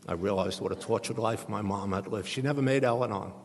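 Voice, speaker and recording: A man's voice: fairly low pitch, fast talker, gravelly, in a large hall, slight background noise. A middle-aged man with a New York accent, telling his recovery story in an earnest, humorous way at a meeting. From Staten Island, New York. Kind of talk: personal recovery talk. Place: meeting hall.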